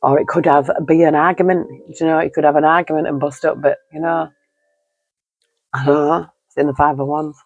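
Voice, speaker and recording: A man's voice: a little high, flat delivery, a little fast, gravelly, lo-fi sound. Rambling man reading tarot. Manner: rambling and repetitive, leaning on "you know"; earnest and encouraging. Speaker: tarot reader.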